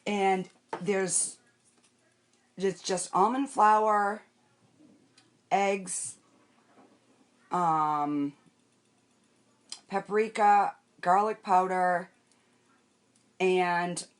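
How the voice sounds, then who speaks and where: An older woman with a low, deep-set voice talks casually on a makeup live stream. She rambles about her day and greets viewers by name as they join. She keeps talking while she wipes her face and works on her makeup. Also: fairly even intonation, extremely slow, pauses often. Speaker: makeup vlogger.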